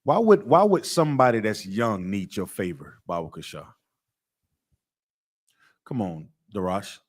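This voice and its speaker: A man's voice: fairly low pitch, expressive, measured pace. Man teaching a scripture class. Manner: preachy call-and-response questioning.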